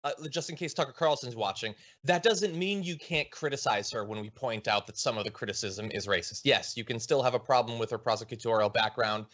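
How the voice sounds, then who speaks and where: A man hosting a political commentary show, talking through points in a quick, wry way. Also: mid-range voice, a bit bright. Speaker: host. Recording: muffled lo-fi audio.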